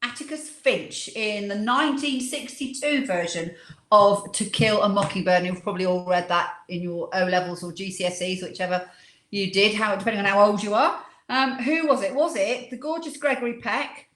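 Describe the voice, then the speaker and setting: A woman's voice: mid-range voice, moderate pace, fairly bright tone. A woman hosting a quiz on a live cocktail show, playful and teasing in a casual chat. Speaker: quiz host on a cocktail livestream. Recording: echoey room.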